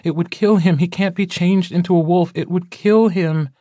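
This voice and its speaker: A man's voice: high voice, steady tone, normal speed, dark tone, dry recording, studio quality, voice pushed up, lightly acted. A male audiobook narrator voicing a distraught woman insisting that a wounded man cannot be changed. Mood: frantic. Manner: frantic, insistent.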